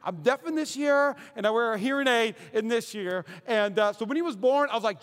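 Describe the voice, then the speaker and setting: A man preaching a sermon as pastor, telling lively stories with acted-out quotes and loud asides. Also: very high-pitched, fairly quick, few pauses, clear, resonant tone. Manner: energetic storytelling with shouted asides and acted quotes. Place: church hall. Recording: roomy hall reverb.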